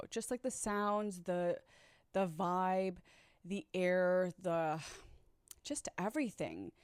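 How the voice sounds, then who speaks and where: Chicago woman doing a storytime, sassy asides, kinda low voice, dry sound. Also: dry recording. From Chicago, USA. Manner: chatty, sassy asides to viewers, frequent laughter. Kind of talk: storytime vlog.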